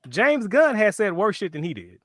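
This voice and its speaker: A man's voice: sits high, big pitch swings, normal speed, no room sound. A man co-hosting a casual comic-book podcast, cutting in with emphatic corrections and jokes. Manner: emphatic interjections, correcting and riffing. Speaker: podcast co-host. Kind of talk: casual chat.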